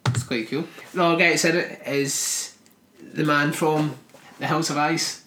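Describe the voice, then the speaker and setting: A man's voice: a little high, steady tone, measured pace, bright, forceful tone, reverberant, slight background noise. A man co-hosting a podcast, chatting casually about films in a teasing, enthusiastic way and swearing now and then. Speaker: podcast co-host. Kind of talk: casual film discussion.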